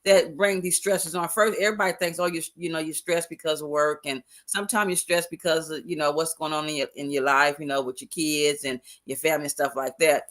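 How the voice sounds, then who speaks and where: A retired older woman chatting casually, telling stories with laughter and animated asides. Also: sits low, brisk, hardly any pauses. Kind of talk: casual chat.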